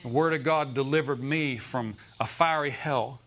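A man's voice: medium pitch, moderate pace, a bit bright. A male pastor preaching a Sunday sermon in a church, often calling out "Amen?" and "Okay?" to the congregation.

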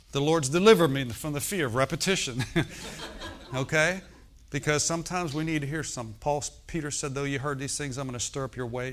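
A man's voice: on the high side, a bit bright. A middle-aged man preaching a sermon in a conversational way, often checking in with "okay?" and "amen". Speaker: pastor.

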